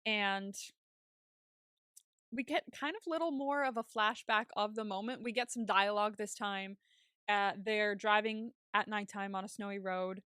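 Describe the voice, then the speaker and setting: A woman co-hosts a podcast and recaps a TV episode in relaxed, chatty talk. She laughs easily and swears casually, and her voice sits at a middle pitch. The sound is close and dry, with no room around it. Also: unhurried, clear, resonant tone, no room sound. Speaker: podcast co-host.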